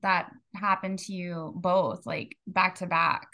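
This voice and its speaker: A woman's voice: fairly low pitch, little pitch movement, slow pace, sharp tone. A young woman guest chatting casually on a podcast, laughing often and saying "like" a lot. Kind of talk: casual conversation about grief.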